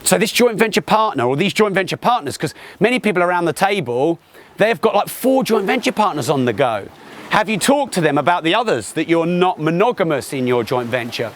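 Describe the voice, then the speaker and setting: A man speaking as a property investment mentor, giving energetic, conversational business advice with quick asides and restarts. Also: sits high. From England. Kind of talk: direct-to-camera business advice. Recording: faint ambient background noise.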